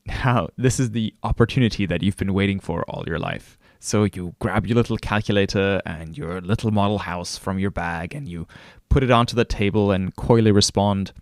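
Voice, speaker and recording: A man's voice: lowish voice, moderate pace, dry recording, clean studio sound. A male course instructor narrating a recorded lesson, telling a story and speaking straight to the listener. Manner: storytelling, addresses the listener directly.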